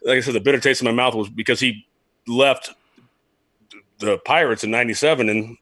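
A man's voice: mid-range voice, brisk, breathy edge, no room sound. A man who hosts a casual sports talk show and once played pro baseball, rambling and mocking himself as he tells stories. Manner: rambling, self-mocking, animated storyteller. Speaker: podcast host, former pro baseball player.

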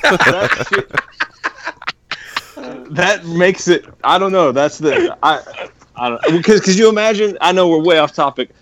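A man's voice: sits high, expressive, unhurried, pauses often, a bit bright, slight background noise. A man guesting on a podcast, rambling animatedly and swearing as he chats about horror movies. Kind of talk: casual chat.

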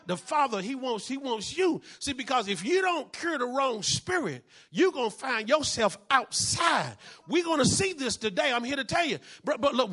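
Male pastor, high bright voice, call-and-response preaching. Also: sing-song, moderate pace, few pauses, husky. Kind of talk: sermon.

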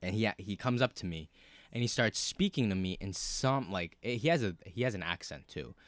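A man telling a story in casual podcast chat, cursing a lot, with many fillers and animated bursts. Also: fairly low pitch, normal speed, no room sound. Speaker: podcast co-host.

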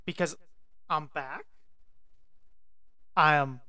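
A woman's voice: sits low, drawn-out words, pushed and bright, dry recording. A woman co-hosting a podcast in casual chat, brassy, playful and self-assured, talking into a studio microphone. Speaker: podcast co-host.

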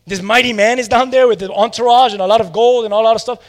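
A preacher voicing a calm confident prophet. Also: male voice, very high-pitched, fast talker, in a large hall. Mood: assured.

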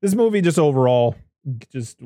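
A man's voice: a little high, normal speed, no room sound. Chatty man rambling about movies, dry sound. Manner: rambling, animated, swears casually. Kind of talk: casual movie review chat.

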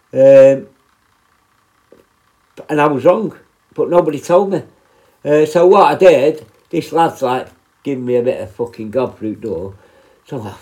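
A man's voice: a little high, mellow, rough recording. A man, a former prison officer hosting a podcast, telling work stories in a blunt, sweary, rambling way. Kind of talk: casual storytelling monologue.

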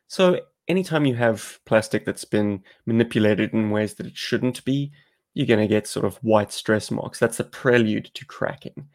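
A man's voice: fairly low pitch, normal speed. A South African man co-hosting a podcast, chatting casually and explaining things at length. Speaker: podcast co-host.

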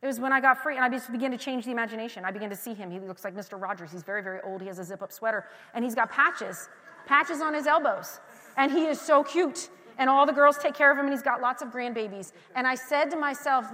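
A woman pastor with a high, bright voice delivers a conversational sermon, loose and candid, full of personal stories and restarted sentences. She talks fast, swinging from near-whispered confiding to loud, emphatic declarations, all carried by the long, echoing reverb of a large church hall.

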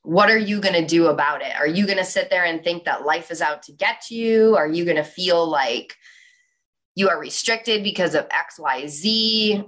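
A young woman giving a motivational talk, telling a personal story in an animated way with lots of "like". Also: on the low side, normal speed. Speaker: speaker.

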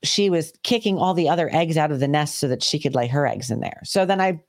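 A woman co-hosting a podcast, telling a story in casual chat, animated and swearing freely. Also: deep voice, fast talker. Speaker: podcast co-host.

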